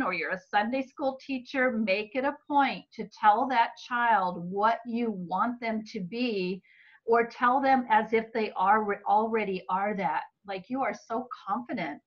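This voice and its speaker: A woman giving a Bible-based teaching talk about children's minds, earnest and expressive. Her voice is slightly hoarse from talking a lot. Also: a little high, unhurried. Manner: earnest and expressive, acting out what parents say to children. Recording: dull lo-fi recording.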